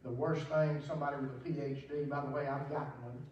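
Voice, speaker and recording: A man's voice: mid-range voice, little pitch movement, fast, muffled recording, slight background noise. An older man preaching a sermon, telling folksy stories with humorous asides. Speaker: pastor. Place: church sanctuary. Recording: very echoey church, distant mic.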